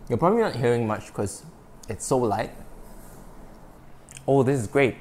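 Excitable man hosting a cooking show. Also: mid-range voice, moderate pace, a little hiss or hum. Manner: excitable, bursts into delighted exclamations. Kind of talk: casual cooking podcast with live tasting.

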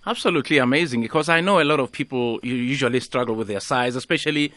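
A man's voice: medium pitch, fast talker, fairly bright tone, no room sound. A man hosting a radio show, chatty and upbeat as he interviews a guest. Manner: chatty, upbeat, laughs easily. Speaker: radio host. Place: radio studio.

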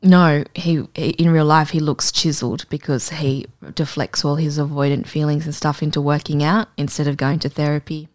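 A woman's voice: low-pitched, moderate pace, few pauses, dry recording, clean studio sound. A young woman in casual podcast chat, telling stories with lots of swearing and laughter. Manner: swearing, laughing, lively storytelling.

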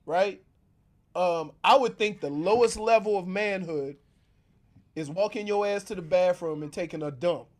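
A man's voice: high-pitched, moderate pace. A man joining a sports radio show as a guest, telling stories boisterously and laughing often. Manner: boisterous, laughing, animated storytelling. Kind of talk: casual radio banter.

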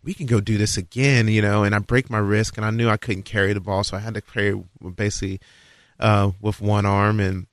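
A man telling a long, animated story about his football days, acting out his own lines. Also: a little fast, no echo, clean studio sound. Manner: animated, acts out dialogue with rising pitch. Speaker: guest recalling his football career. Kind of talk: casual storytelling.

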